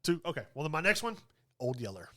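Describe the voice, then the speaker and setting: A man's voice: on the high side, big pitch swings, fast, pushed and bright. A man co-hosting a podcast, talking in an easygoing casual way with many fillers. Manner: easygoing, lots of "like" and "yeah". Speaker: podcast co-host. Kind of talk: casual chat.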